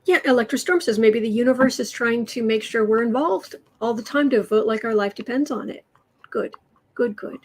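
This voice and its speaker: The tarot livestream host, an American woman at home, speaks at normal speed in a fairly high voice. She chats casually, reads viewers' comments, and quietly soothes her cat. Recording quality is low.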